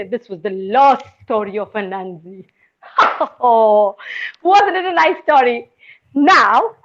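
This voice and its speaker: Expressive high-voiced woman storyteller. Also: highs cut off. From India. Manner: expressive, chants rhythmic sound effects. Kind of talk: oral storytelling for an audience.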